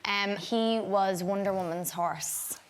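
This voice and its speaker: A woman's voice: mid-range voice, slow pace, over a noisy crowd. Irish woman, young adult, chat show guest; bubbly anecdote teller. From Ireland. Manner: animated, laughing storyteller. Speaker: guest actor.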